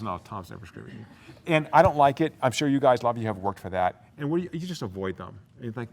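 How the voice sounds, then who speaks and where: Guy giving a business talk to students, talks super fast, lots of "right?" asides, mid pitch. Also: a little hiss or hum. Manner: energetic, fast-talking, quick asides and rhetorical questions. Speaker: guest speaker. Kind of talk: university business lecture.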